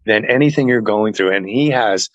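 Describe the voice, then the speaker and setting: A man telling a personal story to an interviewer in a casual chat, earnest and animated, acting out what others said. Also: lowish voice, normal speed, no echo, muffled recording. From family heritage is Norwegian. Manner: earnest, animated retelling that acts out other people's lines. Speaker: interview guest.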